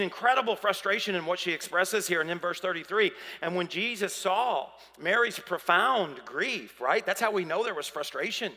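A man's voice: high-pitched, lively intonation, moderate pace, few pauses, sharp tone. A man preaching a sermon as pastor, emphatic and dramatic, acting out the voices of the people in his story. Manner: emphatic, acts out voices of biblical figures. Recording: preaching in a reverberant hall.

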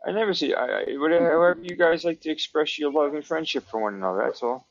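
A podcast co-host teases his friend in profane, casual banter, calling him bro. His voice is fairly high and fast with no echo, on a dull lo-fi recording.

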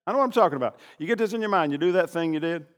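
An older man preaching a sermon, animated, swinging from loud bursts to hushed asides. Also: a little high, rapid-fire. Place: church sanctuary. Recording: long reverb of a large hall.

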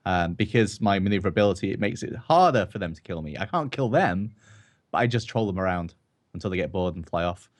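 Male streamer, relaxed, rambling, joking, casual chat. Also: deep voice, fairly quick.

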